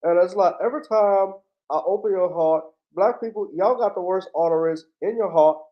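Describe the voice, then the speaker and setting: A man's voice: high-pitched, moderate pace, lo-fi sound, natural voice. A man doing a mocking impression of a male athlete speaking as a rambling surgeon.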